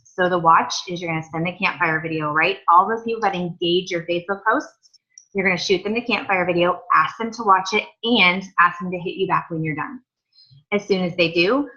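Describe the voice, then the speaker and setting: A woman's voice: fairly low pitch, pushed and bright. A woman leading a sales team training, chatty and upbeat with lots of asides. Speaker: team leader. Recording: dull lo-fi audio.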